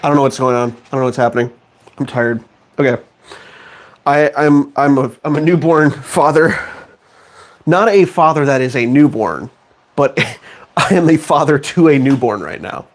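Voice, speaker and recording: A man's voice: medium pitch, normal speed, pauses often. A man streaming from his home studio, bantering with chat in a sarcastic, mock-outraged and self-mocking way. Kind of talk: casual live-stream chat.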